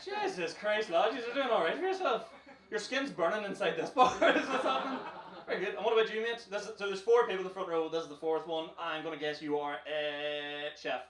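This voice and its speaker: A high-voiced Northern Irish man works the crowd as a comedy club MC, brash and teasing, swearing freely. He is recorded from a distance in a roomy, echoing club. A loud audience laughs and cheers around him. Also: fairly quick. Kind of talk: stand-up crowd work. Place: comedy club stage, indoors.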